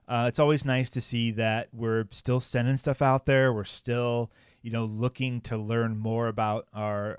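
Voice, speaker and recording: A man's voice: medium pitch, clean tone, no echo, clean studio sound. A man co-hosting a podcast, casually reading a news article aloud, with frequent fillers and joking asides. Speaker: podcast co-host.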